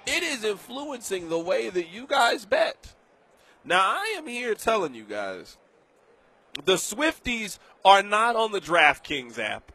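A man hosting a sports radio show, delivering an animated, emphatic, joking monologue from a studio. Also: high-pitched.

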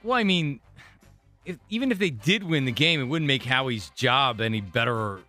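A man's voice: mid-range voice, lively intonation, bright, forceful tone, faint music behind. A man hosting sports talk radio, chatting casually and often restarting his sentences. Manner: rambling, halting restarts.

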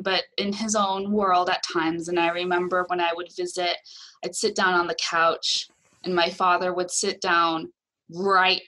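A woman guest speaking reflectively and with emotion in an interview, her voice dropping soft at tender moments. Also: on the low side. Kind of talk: personal interview.

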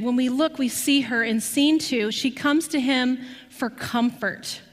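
A woman preaching a sermon, telling a story with lively rhetorical questions to her listeners. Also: high-pitched, big-room sound.

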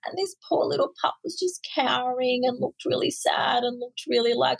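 A woman's voice: fairly high pitch, normal speed, creaky, few pauses, husky, no echo, rough recording. A woman hosting a podcast interview, telling stories and asking questions in a chatty, casual way. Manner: chatty storytelling. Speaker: podcast host.

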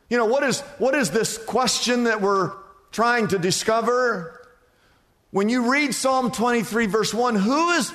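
A man's voice: very high-pitched, a bit bright. A man preaching a sermon as pastor, asking rhetorical questions and repeating phrases for emphasis, in a church. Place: church sanctuary. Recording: long reverb of a church hall.

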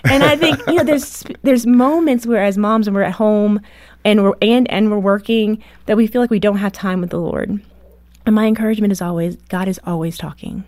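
A woman in her thirties, a guest author on a radio interview, telling family stories with lively acted-out voices. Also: mid-range voice, brisk, dry recording. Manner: animated storyteller, acts out voices.

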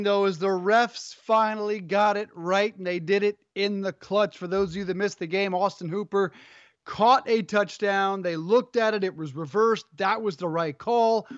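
A man hosting sports talk radio, upbeat and brisk, teasing his co-host. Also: high voice, dry recording, lo-fi sound.

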